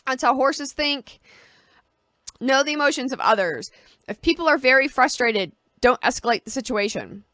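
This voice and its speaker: Bright-voiced woman giving casual advice. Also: high voice, animated, measured pace, no room sound, clean studio sound. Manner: conversational, explains with homely analogies. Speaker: vlogger giving personal advice. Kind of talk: casual talk to camera.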